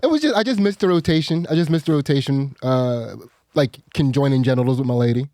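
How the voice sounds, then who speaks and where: A man's voice: mid-range voice, lively intonation, fast talker, warm tone, no echo, studio quality. Rambling man co-hosting a podcast. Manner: rambling, stumbling restarts. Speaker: podcast co-host. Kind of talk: casual comedic banter.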